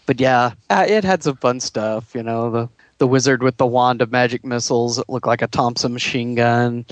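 A man's voice: mid-range voice, steady tone, normal speed, dry recording. A man co-hosting a podcast, chatting casually about old gaming comics and laughing along. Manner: chatty, amused, trails off and restarts. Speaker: podcast co-host. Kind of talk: casual chat.

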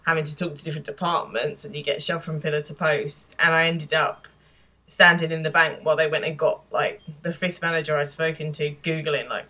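A woman co-hosting a podcast, recapping a TV episode and telling her own stories in an animated way. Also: deep voice. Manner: animated storytelling, laughs often. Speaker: podcast co-host. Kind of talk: casual chat recapping a TV episode.

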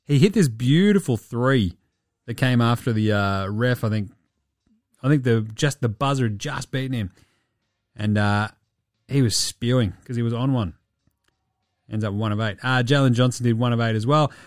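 A man's voice: medium pitch, normal speed, long pauses, no room sound, studio quality. Sweary Australian man ranting about sport. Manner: profane, animated, laughing. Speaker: podcast host. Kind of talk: sweary casual sports talk.

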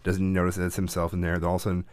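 A man's voice: deep voice, very fast, dry recording. A man in his thirties, a father and podcast co-host, telling a family story in casual chat and acting out the quotes. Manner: animated storyteller, acts out quotes.

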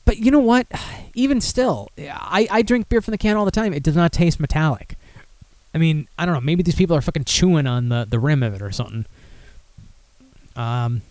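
A man's voice: mid-range voice, dark tone, dry recording. A man casually hosting a beer podcast, rambling and swearing as he reads listener comments aloud. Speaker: podcast host.

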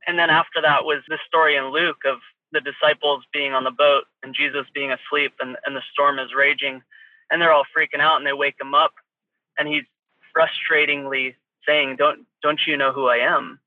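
A man with a slightly high voice shares a vision earnestly over a tinny phone line. His tone stays flat and level, and the sound is dry. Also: normal speed, dry recording.

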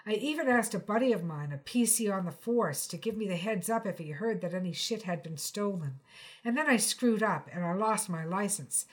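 A woman's voice: medium pitch, lively intonation, moderate pace, close to an everyday voice. A woman reading the part of a young male musician, defensive and earnest, speaking emphatically. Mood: insistent. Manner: louder, emphatic and pleading.

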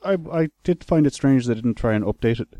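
A man on a casual film review podcast cuts in with dry, sarcastic quips. His pitch swings lively up and down. The recording is close and dry. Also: a little fast, dry recording. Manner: dry sarcastic quips, many short "mm" backchannels. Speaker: podcast co-host.

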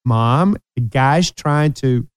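A man's voice: medium pitch, slow, clear, resonant tone, dry recording. A man in his sixties hosting a casual talk show, upbeat and teasing. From United States. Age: 60s. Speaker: host. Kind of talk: casual chat.

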